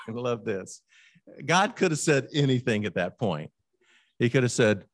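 Guy preaching a sermon, casual and animated, drops to almost a whisper sometimes, dry close sound. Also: on the high side, normal speed, no room sound. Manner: animated storytelling, dropping to a near hush on quiet passages; conversational, with humor and direct questions to listeners. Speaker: pastor.

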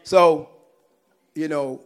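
Guy telling his testimony, kinda high voice, animated, laughs a lot, goes loud then quiet. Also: extremely slow, clean tone. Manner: animated, laughs often, swings between loud and hushed. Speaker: guest sharing a personal testimony. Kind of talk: casual storytelling testimony.

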